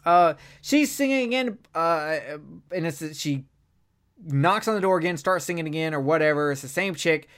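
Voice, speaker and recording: A podcast co-host in a casual film review chat, talking in an animated, profane and rambling way. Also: mid-range voice, moderate pace.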